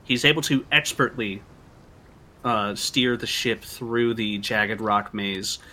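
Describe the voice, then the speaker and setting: A man narrating a tabletop game as game master, in a relaxed way with frequent fillers. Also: on the low side, slow pace.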